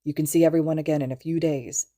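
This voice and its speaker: A woman reading aloud, voicing a gruff, embarrassed teenage boy who speaks bluntly and mutters. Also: deep voice, fairly even intonation, quick pace, warm tone, no echo, clean studio sound. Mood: gentle.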